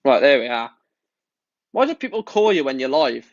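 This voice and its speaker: A man's voice: mid-range voice, very animated, normal speed, dry recording. A man live-streaming, ranting about football in an angry, exasperated way and swearing often. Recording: dull, lo-fi stream audio.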